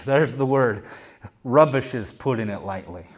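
A man preaching a sermon, conversational and emphatic, dropping soft and then building loud, and repeating key phrases. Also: medium pitch, animated, unhurried.

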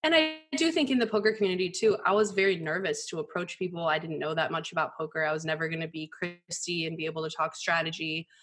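A woman in her thirties, a poker journalist as guest, telling candid stories in a casual, animated way with many "like" fillers. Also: sits low, fast talker, hardly any pauses. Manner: animated, frequent "like" fillers, mimics voices in quotes. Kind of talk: candid conversational storytelling.

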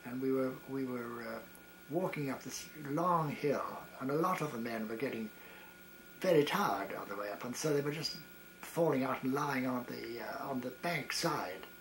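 A man in his eighties, a retired variety performer, reminiscing about wartime in a halting way, with frequent restarts and chuckles. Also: medium pitch, lively intonation, a little hiss or hum, low-quality recording. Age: 80s. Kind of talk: reminiscing storytelling.

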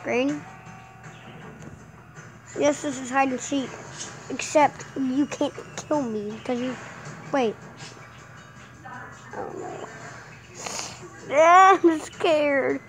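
A woman's voice: high voice, drawn-out words, long pauses, over music, low-quality recording. A woman hosting a gaming channel, giving casual commentary in a jumpy, playfully exasperated way.

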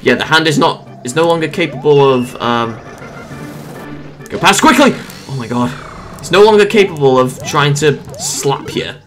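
A let's-play gamer giving casual gameplay commentary, excitable, often exclaiming and laughing, with rambling jokey asides. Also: mid-range voice, moderate pace, soft background music.

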